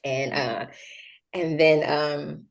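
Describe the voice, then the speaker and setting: A woman's voice: low-pitched, extremely slow, gravelly. A young adult woman, a guest in a casual interview, telling her story with many fillers and acting out the voices of others. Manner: animated, acts out quoted voices, many fillers.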